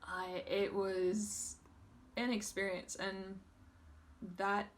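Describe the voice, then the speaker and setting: A woman's voice: mid-range voice, level tone, very slow, far from the mic. A young woman, a former video store clerk, telling a story casually in an interview, laughing often and using many fillers.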